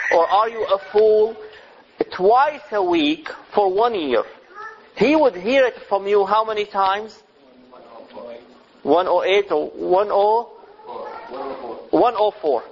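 Man, middle-aged, religious lecturer, higher voice, measured delivery, rhetorical questions. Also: slight background noise. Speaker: Islamic lecturer on parenting. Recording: slightly dull lo-fi recording.

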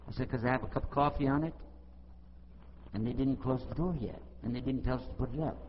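An American man giving an Islamic talk, retelling an encounter and acting out each side of the dialogue with lively emphasis. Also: mid-range voice, fast talker, slightly rough. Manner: animated, acts out both sides of dialogue. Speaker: Islamic preacher. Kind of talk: storytelling talk to an audience. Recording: lo-fi hall recording with faint noise.

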